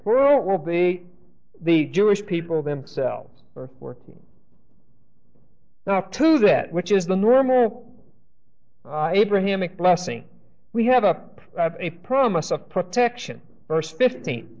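High-voiced man teaching a Bible class. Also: big pitch swings, a little slow, darkish tone, lo-fi sound. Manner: checks in with the class, asking questions and saying "okay?"; reads scripture aloud and explains it.

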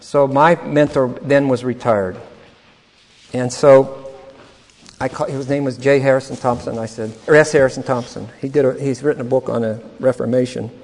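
A man's voice: mid-range voice, fairly even intonation, normal speed, a little mellow, big-room sound. An older man telling a personal story in a rambling, chuckling way, often repeating words. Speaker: speaker telling his life story. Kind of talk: anecdotal storytelling talk.

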